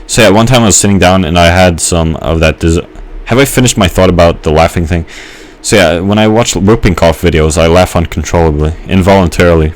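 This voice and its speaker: A man's voice: low voice, brisk, few pauses. A young man giving a rambling let's-play commentary, musing and hesitant with many fillers and restarts. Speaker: gamer.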